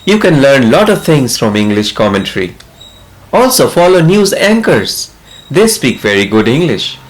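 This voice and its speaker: A man's voice: mid-range voice, very animated, normal speed. A man from India talking earnestly as an English tutor, giving step-by-step advice straight to the listener. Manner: earnest, advising the listener directly. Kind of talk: instructional talk to camera.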